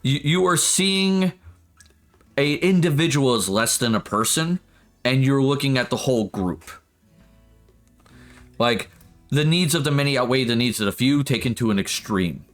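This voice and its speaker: Animated male streamer with lively pitch. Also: normal speed, long pauses, soft background music. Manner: animated, laughing, rambling. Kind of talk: casual live-stream chat.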